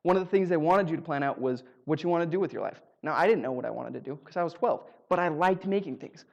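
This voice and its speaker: A man's voice: a little high, lively intonation, fast talker, gravelly, a little mellow, highs cut off. A man telling a personal story on stage at a live show, in a humorous, self-mocking way, acting out bits of dialogue.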